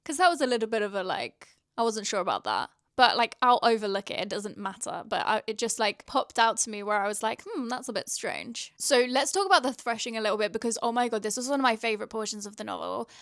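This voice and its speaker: A woman's voice: a little high, animated, fast, hardly any pauses, a bit bright, no echo, studio quality. A young woman chatting casually in a reading vlog, gushing and rambling with lots of fillers. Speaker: book vlogger.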